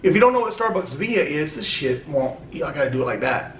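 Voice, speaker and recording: A man's voice: on the high side, big pitch swings, fast, a little hiss or hum. A man opening fan mail on a casual vlog, chatty and rambling, swearing now and then. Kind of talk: casual chat. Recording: echoey room.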